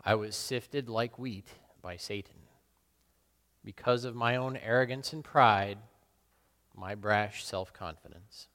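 A man playing Peter, a guilt-torn fisherman, slow and echoing. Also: fairly low pitch. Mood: remorseful. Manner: slow, brooding, with sudden loud outbursts. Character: remorseful middle-aged fisherman apostle, brash, guilt-torn. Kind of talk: dramatic first-person monologue. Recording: long hall reverb.

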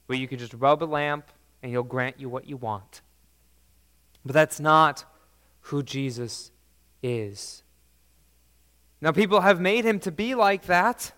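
A male preacher with a high voice delivers a sermon at a slow, deliberate pace. He is emphatic, rising to loud declarations and then dropping soft and low. His words ring out with a long hall reverb. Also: clean tone.

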